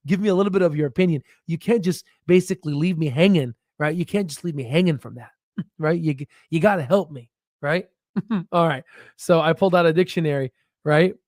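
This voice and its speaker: A man hosting a stock market livestream, talking in excited bursts, laughing often and checking in with "right?". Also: fairly high pitch, fairly quick, no echo, clean studio sound. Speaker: stock market channel host. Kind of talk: excited casual livestream commentary.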